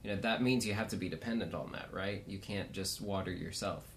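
A man's voice: deep voice, fairly quick, fairly bright tone, slight background noise. A man in a casual podcast discussion, talking thoughtfully and searching for his words.

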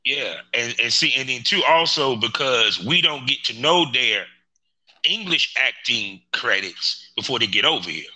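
Animated, bright-voiced cursing American man. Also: medium pitch, measured pace, poor audio. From United States. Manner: profane, laughing, animated storytelling. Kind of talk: casual chat.

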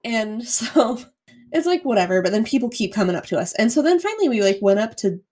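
A young woman co-hosting a podcast, telling a story in a casual, profane, animated way full of "like". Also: on the high side, fairly quick. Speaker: podcast co-host.

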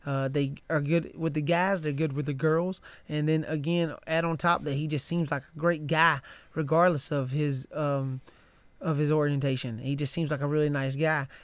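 A man's voice: a little high, fairly even intonation, moderate pace, no echo. A man co-hosting a podcast, talking in an easygoing, agreeable way and often repeating words. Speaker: podcast co-host. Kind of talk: casual chat.

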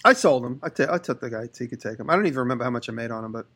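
Man, casual podcast host, rambling storyteller, mid-pitched voice. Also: animated, very fast, fairly bright tone, slightly rough. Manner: rambling anecdotes, with voices for the people he quotes.

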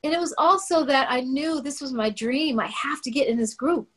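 High-pitched woman from oakland telling a story in an interview, lively and animated, middle-aged. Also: moderate pace. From Oakland, California. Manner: animated, acts out quoted voices. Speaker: guest singer.

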